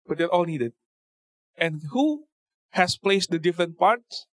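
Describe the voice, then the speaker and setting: A man with a fairly high voice gives a relaxed talk at a church service. He reads scripture and explains it in a loose, conversational way, often stopping on fillers and restarting phrases. The sound is dry and close. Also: a little slow, no room sound. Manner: conversational, with many fillers and repeated words. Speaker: church speaker.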